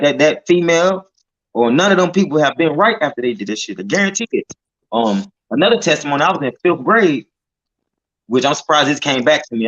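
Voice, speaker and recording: A man's voice: medium pitch, a bit bright. Guy telling a street testimony, slangy and cussing, keeps saying man, kinda muffled lo-fi sound. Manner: slangy, tags lines with "man" and "you know", profane. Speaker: street preacher in group discussion. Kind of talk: casual testimony.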